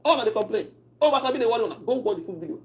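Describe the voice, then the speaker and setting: A woman with a Nigerian accent talks through the news in a wry, chatty manner, slipping between Pidgin and English. Her voice sits a little higher than most women's. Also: expressive, very fast, rough recording. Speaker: political commentary host. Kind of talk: casual political commentary.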